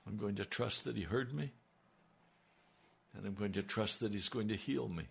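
Gravelly man praying fervently on radio. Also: lowish voice, normal speed, a bit bright. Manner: fervent, rising to pleading cries. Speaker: radio preacher. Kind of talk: impassioned radio prayer.

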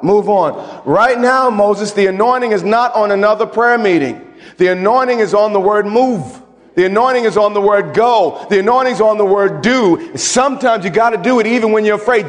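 A man preaching a sermon as pastor, emphatic and folksy, repeating phrases and swinging between loud and quiet. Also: high-pitched, normal speed, big-room sound.

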